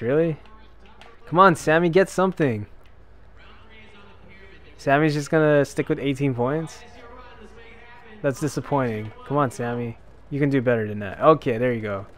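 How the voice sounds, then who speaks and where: A man's voice: mid-range voice, a little hiss or hum. A young man giving rambling, chatty commentary while playing a skateboarding video game, talking back at the characters on screen. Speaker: gaming YouTuber. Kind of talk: casual let's-play commentary. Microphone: desk microphone.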